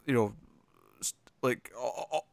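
A man's voice: mid-range voice, a little slow, creaky, no room sound, clean studio sound. A man chatting casually as a podcast co-host, laughing and acting out characters' lines as he recaps an episode.

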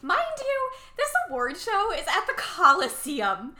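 A woman casually recapping a movie plot as a podcast co-host, animated and acting out the characters' lines. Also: extremely high pitch, unhurried. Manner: animated, acts out characters' lines, laughs often.

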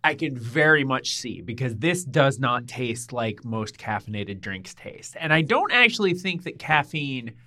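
A man's voice: medium pitch, expressive, unhurried, few pauses, sharp tone. A young man co-hosting a casual chat, wry and profane. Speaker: podcast co-host.

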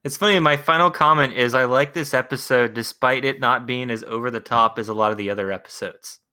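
Brief: male podcast host, bright forceful tone, joking questions to the panel. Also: medium pitch, a little fast. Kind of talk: casual chat reviewing a cartoon episode.

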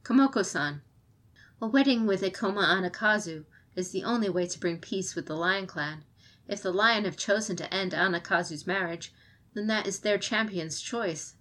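A woman voicing a stern, weary but resolute female clan champion, speaking in a measured, firm way in an audiobook. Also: medium pitch, fairly bright tone, natural voice.

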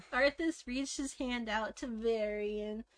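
A woman's voice: on the high side, slow. A woman co-hosting a comic read-along, reading the story plainly without doing character voices. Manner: plain, unvoiced reading with chuckles. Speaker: co-host reading a children's book.

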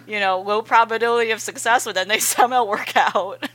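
A woman's voice: on the high side, normal speed, fairly bright tone. A woman co-hosting a podcast in casual chat, giggling often and trailing off mid-sentence. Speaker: podcast co-host.

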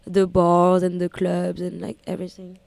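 Young french woman, strong french accent, radio guest, mellow warm tone, relaxed and hesitant. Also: on the low side, moderate pace, vocal fry, dry recording. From France. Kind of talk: casual interview.

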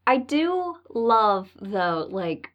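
A woman's voice: fairly high pitch, big pitch swings, drawn-out words, a bit bright, muffled recording. A woman in casual podcast chat, amused and laughing often.

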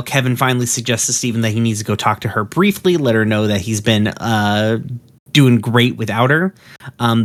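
A man's voice: mid-range voice, fairly bright tone. A man rambles through a casual cartoon recap. He stumbles over fillers and restarts, dropping curse words as he goes. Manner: rambling, full of ums and uhs, profane. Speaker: episode recapper.

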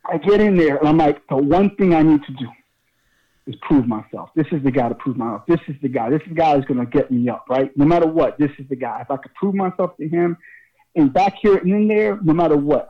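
Excitable wrestler spinning a lively tale. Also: male voice, on the high side, dull audio. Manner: swearing, laughing, lively storyteller. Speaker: pro wrestler guest. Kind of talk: casual storytelling interview.

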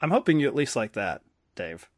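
A man's voice: mid-range voice, big pitch swings, a little fast, no room sound. Joking man with a dry, close voice. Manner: joking, sarcastic, laughs a lot. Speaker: podcast co-host. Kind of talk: casual movie discussion.

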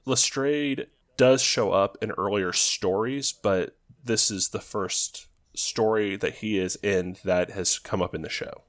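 A man hosting a podcast in casual chat, laughing easily and reading synopsis notes aloud. His voice sits on the low side. The sound is close and dry, with no room around it. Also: takes it slowly, few pauses, dry recording. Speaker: podcast host.

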